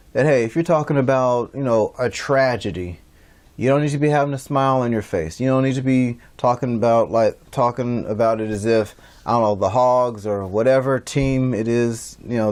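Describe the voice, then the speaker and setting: Over a livestream, a male instructor runs a casual class, wandering through his points and often restarting, with plenty of fillers. He speaks in a mid-range voice with a darkish tone.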